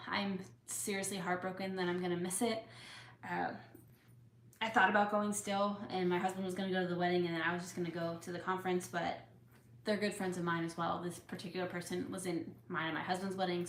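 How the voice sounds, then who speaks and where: Speaking in a lowish, fairly bright voice with a little hiss or hum underneath, a young woman with tics answers viewer questions in a relaxed, chatty way. She fills her talk with fillers and open emotion, recorded in an echoey home room with a couch.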